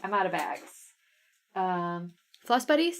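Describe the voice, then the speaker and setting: A woman's voice: fairly low pitch, big pitch swings, slow. A woman in her thirties with a Midwestern American accent, hosting a live craft sale stream in a casual, bubbly way and reading out viewers' names.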